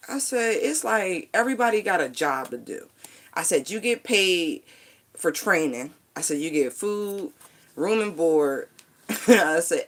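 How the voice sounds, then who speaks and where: A middle-aged woman vlogging, telling stories casually in a loose, playful way and laughing often. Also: low-pitched. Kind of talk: casual storytelling monologue.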